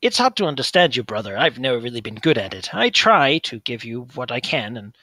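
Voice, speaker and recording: A man playing a calm scholarly older brother. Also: medium pitch, no echo, full character voice. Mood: earnest. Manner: measured, earnest questioning.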